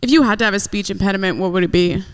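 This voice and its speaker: A woman's voice: medium pitch, very fast, clean tone, in a large hall. A woman co-hosting a podcast in casual chat, blunt and profane in her banter. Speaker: podcast co-host.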